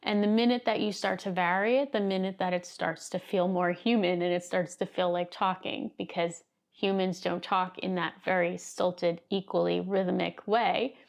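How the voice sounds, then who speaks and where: Her voice lowish and gravelly, with fairly even intonation and a moderate pace, a woman speaks to camera offering tips to video creators. She's seated indoors filming herself, keeping it conversational, laughing easily, and gesturing.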